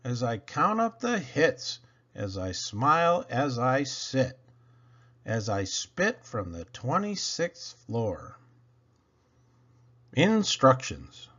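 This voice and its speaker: Slow, animated man reading children's poems. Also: medium pitch, highs cut off. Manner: playful, expressive, theatrical. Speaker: children's book reader.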